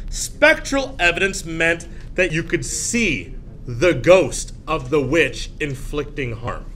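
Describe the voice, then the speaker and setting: A male teacher giving a classroom lecture, animated, often jumping into high shrill voices to act out scenes. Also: takes it slowly, slight background noise. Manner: animated, acts out shrill voices of frightened girls.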